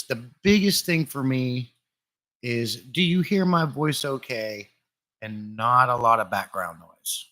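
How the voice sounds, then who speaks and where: A man hosting a casual live stream, chatting in a relaxed way and greeting viewers by name, recorded on a desktop mic in a room full of glass fish tanks. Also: mid-range voice. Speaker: livestream host. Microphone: desktop USB condenser mic.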